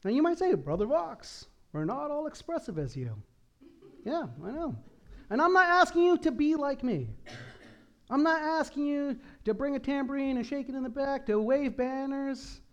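Very high-voiced male pastor preaching. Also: moderate pace. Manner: emphatic, swings from hushed prayer to loud exhortation. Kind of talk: sermon. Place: church sanctuary.

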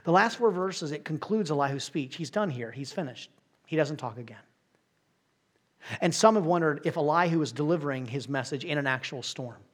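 A man's voice: a little high, expressive, brisk, fairly bright tone. A man preaching a sermon as pastor, in a dramatic, emphatic style.

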